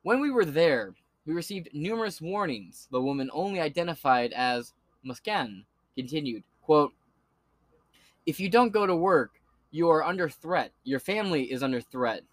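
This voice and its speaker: A man's voice: fairly high pitch, lively intonation, moderate pace, dry recording. A male podcast host reading news aloud and breaking off into sarcastic, profane rants. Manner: sarcastic, swears often, shouts in bursts. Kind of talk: profane political commentary.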